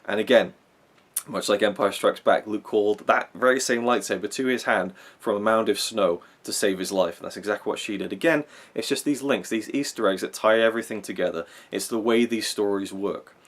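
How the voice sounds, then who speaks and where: Lower-pitched man rambling through fan theories. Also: brisk. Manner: rambling, often repeats and restarts words. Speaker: film review channel host. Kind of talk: casual fan commentary countdown.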